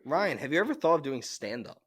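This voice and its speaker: A young man co-hosting a podcast, telling animated stories with laughter on a handheld mic. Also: a little high, a little fast. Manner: animated storytelling with frequent laughs. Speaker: podcast co-host. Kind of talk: casual chat. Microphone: handheld mic, sometimes held away.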